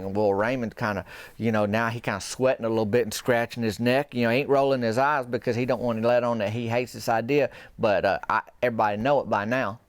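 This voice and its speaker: A man telling a rambling comic story in a slow, folksy, deadpan way. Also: medium pitch, dry recording. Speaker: comedian storyteller.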